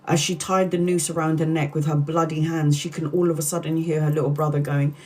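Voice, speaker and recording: A woman's voice: low-pitched, steady tone, normal speed, darkish tone. A woman, a tarot reader earnestly retelling a harrowing story from a book on a live stream, with many restarts.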